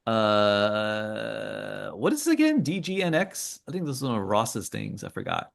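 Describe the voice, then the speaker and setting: A man's voice: fairly low pitch, big pitch swings, measured pace, vocal fry. A man hosting a casual trading call, rambling through charts with joking asides and lots of fillers. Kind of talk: casual screen-share commentary.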